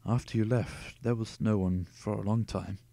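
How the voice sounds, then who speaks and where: A man reading out a brooding, wounded young male lover in a book, quiet and confessional. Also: on the low side, steady tone, normal speed, creaky, no room sound.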